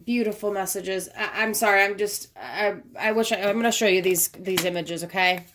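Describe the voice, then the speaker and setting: A woman's voice: mid-range voice, normal speed, a bit bright, slight background noise. A woman giving a casual spoken tarot reading, chatty and thinking aloud as she handles the cards, recorded on a propped-up phone camera. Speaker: tarot card reader. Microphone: phone camera propped up nearby.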